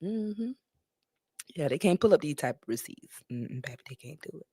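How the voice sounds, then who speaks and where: A woman's voice: low voice, moderate pace, slightly rough, dry recording, clean studio sound. A woman hosting a live stream, chatting and laughing with viewers. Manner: animated, laughs often, talks straight to viewers. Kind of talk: casual commentary chat.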